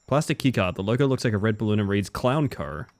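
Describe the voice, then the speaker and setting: A man's voice: fairly low pitch, lively intonation, fast. A man streaming a video game live, chatting casually with viewers and reacting to the game as he plays. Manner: chatty, answers chat and reacts to the game as he goes. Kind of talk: casual live-stream commentary while playing.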